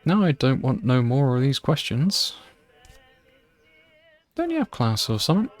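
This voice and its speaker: A man doing a gruff young gardener, Will. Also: mid-range voice, big pitch swings, normal speed, soft background music. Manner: curt, dismissive working-class talk. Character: young male school gardener, gruff and evasive.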